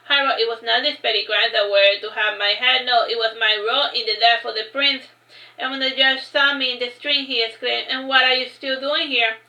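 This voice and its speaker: A woman's voice: fairly high pitch, steady tone, a little fast, sharp tone, echoey room, rough recording. A woman reading her own fantasy novel aloud in first person, unpolished, with frequent restarts.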